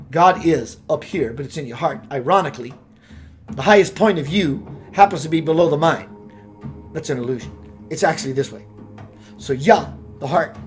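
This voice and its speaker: A man giving a meandering spiritual talk, musing aloud and searching for words as he goes. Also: a little high. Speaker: spiritual teacher.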